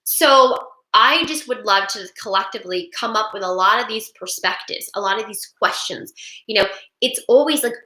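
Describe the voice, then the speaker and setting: A middle-aged woman hosting a webinar, talking in an animated, rambling, emphatic way. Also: mid-range voice, normal speed. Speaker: webinar host. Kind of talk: casual monologue. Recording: echoey room.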